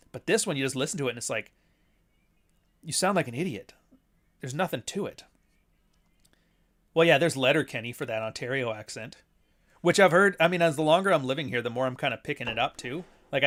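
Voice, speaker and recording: A man's voice: medium pitch, a bit bright. A man hosting a casual livestream chat from home, rambling bluntly and swearing often. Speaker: host, author. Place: home near Toronto.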